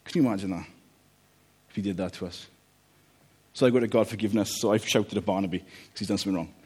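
A man preaching a relaxed, conversational sermon, joking about family life and often checking in with "okay?". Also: lowish voice, fast, slightly rough. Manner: chatty, jokey, checks in with "okay?".

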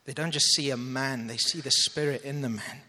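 A man's voice: mid-range voice, fairly even intonation, moderate pace, bright, forceful tone, long reverb tail. A man preaching a sermon in an earnest manner, checking that listeners follow and reading scripture aloud. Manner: earnest, asks audience to follow along.

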